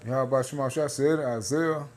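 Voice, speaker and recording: A man's voice: mid-range voice, fairly even intonation, moderate pace, a little mellow. A man in casual commentary, reading news aloud and talking loosely, half-joking, with laughs and lots of 'man' and 'hey'. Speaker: religious video commentator.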